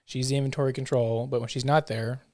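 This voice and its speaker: A man's voice: mid-range voice, fairly even intonation, fast talker, a little mellow, dry recording, studio quality. Matter-of-fact male café owner. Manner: plain, matter-of-fact explaining. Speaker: guest, coffee shop owner. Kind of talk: casual interview answers.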